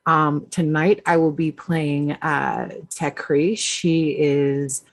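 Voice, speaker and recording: A woman's voice: sits low, level tone, slow. A woman tabletop player introducing herself and her character, hesitant and full of fillers. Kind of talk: casual introduction chat.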